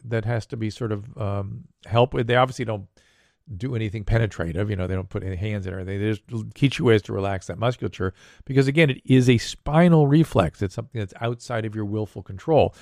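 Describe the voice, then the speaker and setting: A man's voice: lowish voice, quick pace, gravelly, a little mellow, no room sound. Older male doctor, dry close sound. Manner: explains medical points plainly, answering listener questions. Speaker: doctor and podcast host. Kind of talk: casual podcast chat.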